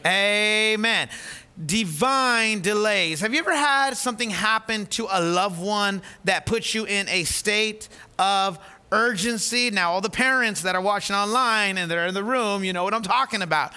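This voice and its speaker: A high, bright-toned man in his thirties preaches with an animated storyteller's delivery. He acts out the people in his story and stumbles over repeated words as he restarts, and his voice has a sharp edge. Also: moderate pace, clean tone. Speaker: pastor. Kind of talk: sermon storytelling.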